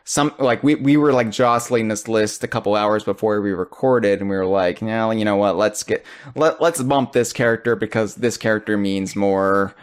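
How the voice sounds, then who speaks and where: A man with a smooth, resonant voice sitting a little low in pitch hosts a casual podcast conversation. He jokes freely and leaps into high, excited bursts when something amuses him. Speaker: podcast host.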